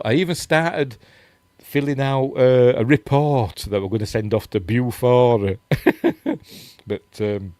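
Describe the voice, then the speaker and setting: A man's voice: medium pitch, slow, darkish tone, dry recording. Rambling, chatty Yorkshire man, dry close mic. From Yorkshire, England. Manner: rambling, chatty, self-deprecating, reads quotes and chat comments. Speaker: host. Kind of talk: casual news chat reading articles aloud.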